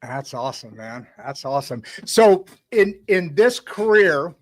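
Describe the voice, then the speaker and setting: A man's voice: on the high side, very animated, unhurried. A man hosting a casual podcast interview, rambling with many fillers and restarts. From United States. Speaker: host.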